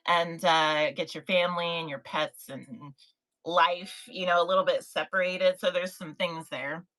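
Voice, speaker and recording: A woman's voice: lowish voice, steady tone, measured pace, a bit bright, poor audio. A woman hosting a casual livestream for online sellers, chatty and encouraging, greeting viewers from the chat by name. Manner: chatty, encouraging, reads chat names aloud.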